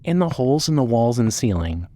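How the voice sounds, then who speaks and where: A man narrating a fan audio drama with steady storytelling. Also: mid-range voice, brisk, slight background noise.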